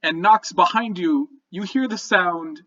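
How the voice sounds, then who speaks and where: A man's voice: sits high, measured pace, sharp tone, lo-fi sound. A man narrating a tabletop game as dungeon master, describing scenes vividly with many fillers.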